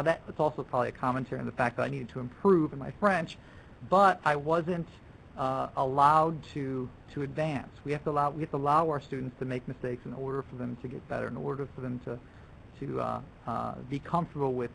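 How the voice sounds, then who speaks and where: Gravelly man talking teachers through a workshop. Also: medium pitch, fairly bright tone, a little hiss or hum, low-quality recording. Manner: conversational, with many restarts and acted-out student quotes. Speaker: language teacher leading a workshop. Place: lecture room.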